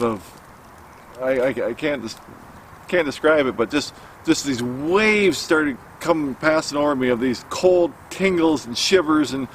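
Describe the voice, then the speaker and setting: A middle-aged man recounting a personal story outdoors, his voice pitched in an ordinary middle range. He speaks haltingly, full of fillers and restarts, like a casual vlogger by a campfire. A faint hum of outdoor noise sits behind him.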